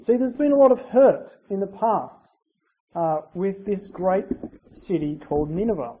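A preacher delivers a conversational sermon full of asides and rhetorical tag questions, swinging from loud emphasis to quiet phrase endings that drop away. His medium-pitched voice is animated and a little slow. The dull lo-fi recording has a faint hiss.

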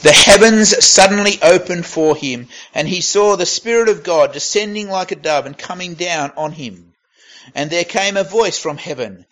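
A preacher speaks in a raised, high, slightly bright register as he delivers a sermon. Though reading scripture aloud, he keeps a conversational tone. He often pauses and starts over to find the right words.

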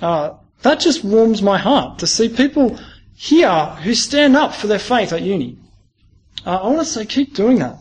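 A man's voice: high-pitched, sing-song, unhurried. A man preaching to university students in a conversational, personal way, often asking them questions. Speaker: speaker at a university Christian group. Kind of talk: sermon.

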